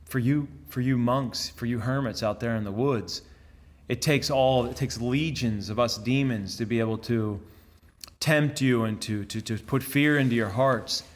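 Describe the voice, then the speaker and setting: A man's voice: mid-range voice, normal speed, lightly acted. A man voicing a smug little flute-playing demon. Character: small boastful male demon playing a flute.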